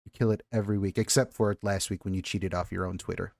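A man's voice: sits low, steady tone, quick pace, vocal fry, darkish tone, no echo, clean studio sound. A man from Chicago hosting a podcast, running the segments with wisecracks. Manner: friendly, wisecracking. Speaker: podcast host. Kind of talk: casual sports chat.

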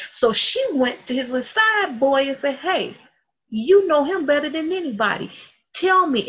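A woman preaching a sermon with animated delivery, acting out the people in her stories. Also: on the high side. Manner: animated, acts out quotes in voices. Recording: dull lo-fi sound.

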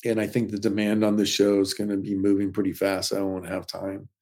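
A man's voice: lowish voice, fairly quick. Middle-aged man telling stunt stories. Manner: animated anecdotes with quoted voices. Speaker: stuntman guest. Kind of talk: casual interview storytelling.

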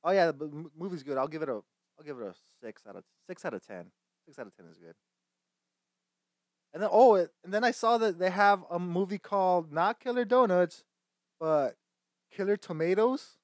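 A man's voice: high-pitched, animated, moderate pace, dry recording, clean studio sound. A young man hosting a casual movie chat, swearing often, rambling, and laughing between lines. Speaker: host.

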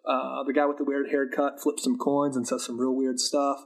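A man, the new guest on a podcast, giving a jokey, rambling, deadpan movie recap in a casual chat. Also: medium pitch, a little fast, creaky.

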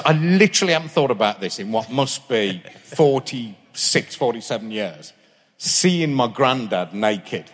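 A man's voice: medium pitch, fairly bright tone. A man in his fifties, a guest in a live stage interview, telling rambling anecdotes that keep restarting and interrupting themselves. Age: 50s. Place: large concert hall with live audience. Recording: reverberant live hall.

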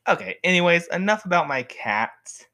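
A woman's voice: lowish voice, big pitch swings, normal speed, sharp tone. A woman rambling casually to camera as a vlogger, chatty and jokey, full of asides and self-corrections. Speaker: vlogger reviewing movies and TV.

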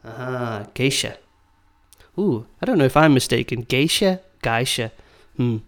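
A man hosting a podcast in casual chat, upbeat and curious, slowing down to spell things out for learners. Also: mid-range voice, lively intonation. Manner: upbeat, curious, slows down for learner-friendly phrasing. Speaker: podcast host.

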